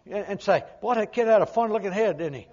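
An older male preacher with a high voice tells homespun stories in a folksy, humorous sermon. He swings between loud, punchy emphasis and quiet, low asides. The recording sounds dull and muffled. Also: lively intonation, fast.

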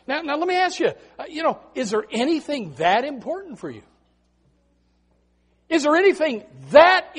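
A man preaching a sermon as a pastor, telling Bible stories in an animated way and often repeating his words. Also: very high-pitched, slightly rough.

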